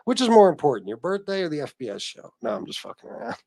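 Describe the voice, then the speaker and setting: A man with a slightly high voice hosts a casual livestream, reading viewer comments aloud and answering them in a blunt, profane way. He calls his viewers bro. The sound is dry and close to the mic. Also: sing-song, quick pace, vocal fry, darkish tone, dry recording. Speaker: livestream host.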